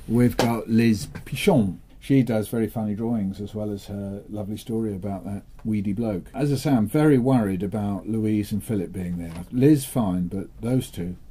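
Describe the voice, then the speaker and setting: An older man from England chats in a relaxed interview, dry and playful, slipping into animated storytelling. His voice is very dark and mellow, with a husky edge, sitting a little low in pitch. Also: normal speed, few pauses. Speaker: interviewee, children's author. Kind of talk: relaxed interview chat with joke-telling.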